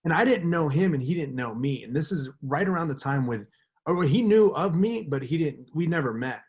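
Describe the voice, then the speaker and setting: A man's voice: on the high side, moderate pace. Man telling a rambling story on a podcast. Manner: rambling, animated storyteller acting out quotes. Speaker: podcast co-host. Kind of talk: casual storytelling chat.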